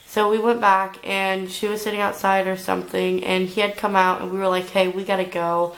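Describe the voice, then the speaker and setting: A woman's voice: medium pitch, level tone, brisk, rough recording. A young adult woman telling a storytime vlog, rambling along with lots of filler "like"s. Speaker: vlogger.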